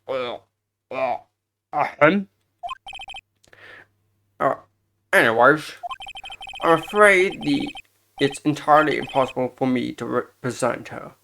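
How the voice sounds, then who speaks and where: A woman's voice: extremely low pitch, slow, gravelly, long pauses, fairly bright tone, a little hiss or hum, exaggerated voice. A woman voicing a pompous, blustery older male lawyer who talks haughtily and stumbles when caught out. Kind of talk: voicing game dialogue. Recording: game music behind the voice.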